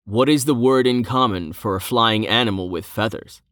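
Man playing Rain, a calm armored stranger. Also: medium pitch, moderate pace, no room sound, clean studio sound, close to an everyday voice. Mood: teasing.

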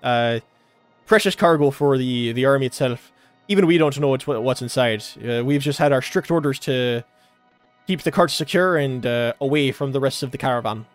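A man's voice: mid-range voice, animated, moderate pace, fairly bright tone, faint music behind, natural voice. A man voicing a dutiful, apologetic male caravan guard who speaks formally with a wavering put-on accent.

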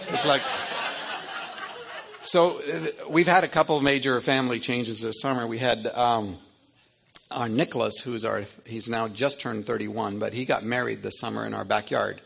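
A man's voice: medium pitch, steady tone, moderate pace, gravelly, a bit bright, a faint crowd, a little hiss or hum. A middle-aged man, an author, telling humorous family stories to an audience in a rambling, anecdotal way with self-amused asides. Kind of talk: humorous storytelling talk.

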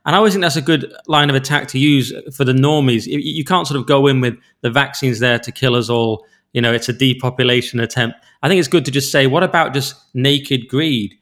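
A male co-host talks in a casual, conversational way at a mid pitch. He often restarts his sentences and reacts quickly to what others say. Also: a bit bright. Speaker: podcast co-host. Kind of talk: casual chat.

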